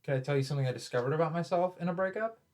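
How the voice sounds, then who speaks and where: A young man co-hosting a comedy podcast, chatting casually. He tells stories in a rambling way, full of fillers and quick restarts. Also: a little high, a little mellow. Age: young adult. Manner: rambling, storytelling with lots of filler "like". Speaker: comedian co-host.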